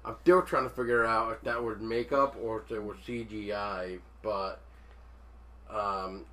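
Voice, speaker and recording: A man's voice: on the low side, steady tone, unhurried, bright, forceful tone. A man co-hosting a podcast in laid-back chat about a horror film, often trailing off mid-sentence. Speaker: podcast co-host. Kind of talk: casual chat.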